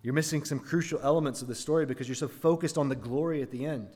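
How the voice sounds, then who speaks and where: A man preaching to his congregation in an earnest voice that sits a little high. He keeps asking them questions as he builds his point. His voice carries a long hall reverb. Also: fast talker, a little mellow. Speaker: pastor. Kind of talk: sermon.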